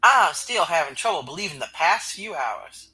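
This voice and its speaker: A confident green superheroine, read earnestly by a man in his own voice. The tone is bright with a husky edge. The pitch moves lively and a touch high. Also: moderate pace, full character voice, low-quality recording. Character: She-Hulk, a strong, confident green superheroine. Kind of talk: comic book read-aloud.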